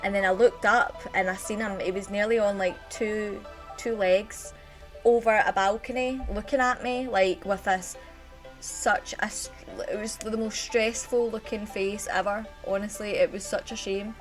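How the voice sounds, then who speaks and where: A woman's voice: mid-range voice, steady tone, normal speed, soft background music. A woman with a Scottish accent chatting on a live stream, telling a rambling story and greeting her chat viewers as she goes.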